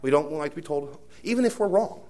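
A man's voice: on the high side, expressive, fast. Rambling male preacher telling a story. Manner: rambling anecdotal delivery with many fillers and restarts; swings between hushed asides and loud emphatic bursts. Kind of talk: sermon storytelling.

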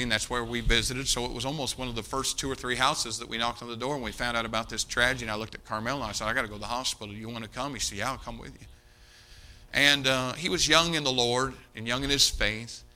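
A male preacher telling a story in a sermon, emphatic and dramatic, dropping to a hush in prayer. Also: mid-range voice, smooth.

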